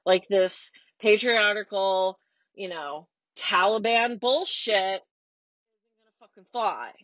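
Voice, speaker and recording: A woman's voice: mid-range voice, a bit bright, no echo, highs cut off. An American woman in her forties, hosting her podcast from a parked car, ranting bluntly and sarcastically with plenty of swearing. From United States. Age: 40s. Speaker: podcast host. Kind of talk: casual solo rant.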